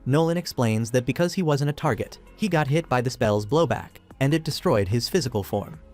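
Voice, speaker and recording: A man narrating an anime recap in a casual, steady, scripted retelling. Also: medium pitch. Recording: faint music underneath.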